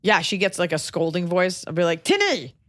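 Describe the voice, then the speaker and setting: Wry deadpan woman hosting a podcast. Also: fairly low pitch. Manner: wry, quick deadpan jokes. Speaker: comedian podcast host. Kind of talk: casual chat.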